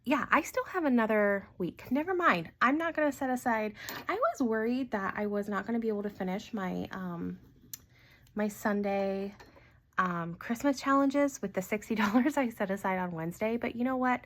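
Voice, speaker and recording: A woman hosting a casual budgeting vlog, talking in a chatty, animated way with many ums and quick laughs. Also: medium pitch. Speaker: budgeting channel host. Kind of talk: casual cash-stuffing vlog.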